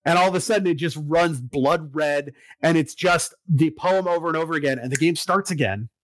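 A man in casual chat, recapping a video game story with lots of fillers and swearing, getting excited about it. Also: fairly high pitch, fairly quick, no echo, low-quality recording.

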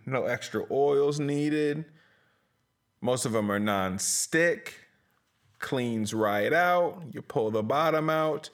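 A man's voice: medium pitch, takes it slowly. A man hosting a solo podcast from a small closet, talking in a rambling, profane, self-mocking way. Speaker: podcast host.

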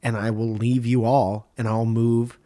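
A man's voice: medium pitch, little pitch movement, unhurried, warm tone. A man co-hosting a podcast in casual chat, dry and teasing in his humor. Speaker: podcast co-host.

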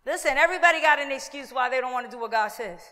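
Animated high-voiced woman preaching in a hall. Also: rapid-fire. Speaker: pastor. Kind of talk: sermon.

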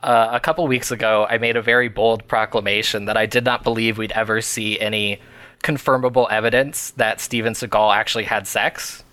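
A man co-hosting a podcast in casual chat, animated and laughing often. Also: on the low side, fairly quick, clear, resonant tone. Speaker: podcast co-host.

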